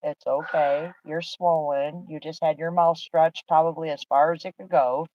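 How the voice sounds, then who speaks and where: A woman's voice: sits low, steady tone, moderate pace, highs cut off, a little hiss or hum. A middle-aged woman chatting on a livestream from her parked car, talking in a chatty, soothing and teasing way. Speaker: livestream host and mother. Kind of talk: casual live chat.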